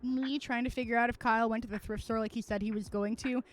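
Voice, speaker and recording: A woman's voice: fairly high pitch, steady tone, quick pace, slight background noise. A woman streamer chatting casually at home while she plays, rambling and venting with plenty of swearing. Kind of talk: casual livestream chat while gaming.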